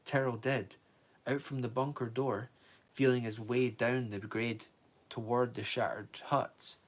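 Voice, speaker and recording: A man reading a novel aloud on a live stream, steady, with small slips he corrects. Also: mid-range voice, unhurried.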